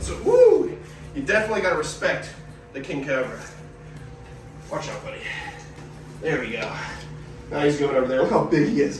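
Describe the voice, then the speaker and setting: High-voiced man chatting in an echoey room. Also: background noise. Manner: upbeat, chatty, gushing over animals. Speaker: wildlife keeper and show host. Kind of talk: casual vlog talk to camera. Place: animal enclosures at a wildlife park. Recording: roomy echo with faint ambience.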